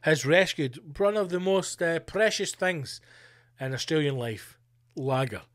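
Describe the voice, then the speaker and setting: A man hosts a casual comedy podcast, riffing and cursing as he reads out a news story. His voice sits fairly high for a man. The sound is dry and close, with no room echo. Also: expressive, unhurried, fairly bright tone. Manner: sweary, jokey banter while reading a news story aloud. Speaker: podcast host. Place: home studio.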